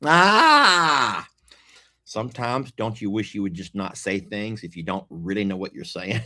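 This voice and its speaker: A man's voice: deep voice, steady tone. A man chatting casually to viewers while eating, folksy and teasing. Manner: slow, folksy, teasing, laughs often, talks while eating. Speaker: food vlogger. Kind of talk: casual mukbang chat to viewers.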